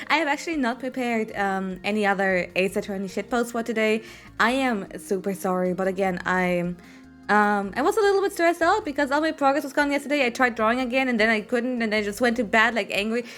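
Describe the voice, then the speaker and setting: A woman's voice: a little high, fairly bright tone. Rambling, cursing woman streamer. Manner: rambling, frequent swearing and fillers. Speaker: game streamer. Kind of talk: casual live-stream chat.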